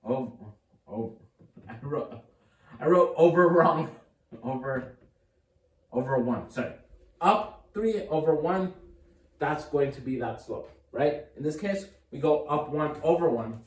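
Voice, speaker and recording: A man's voice: medium pitch, unhurried, pauses often. Upbeat man tutoring math in an echoey room. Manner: upbeat, encouraging, thinks aloud with restarts. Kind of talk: casual whiteboard math lesson. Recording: echoey room, mic at a distance.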